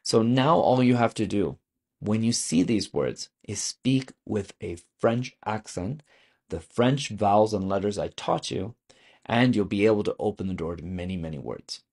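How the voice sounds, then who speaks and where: A man's voice: lowish voice, lively intonation, moderate pace, creaky, darkish tone. A man teaching a video lesson on French vocabulary, explaining patiently and asking the viewer questions.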